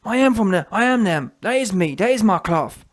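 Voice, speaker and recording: A man's voice: sits high, expressive, fairly quick. A man putting on a mocking impression of a boastful young boxer. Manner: mocking, bragging.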